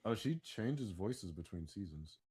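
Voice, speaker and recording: A man co-hosting a casual pop-culture podcast, chatty and prone to loud bursts of hype. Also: fairly low pitch, expressive, a little slow, crowd noise. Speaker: podcast co-host.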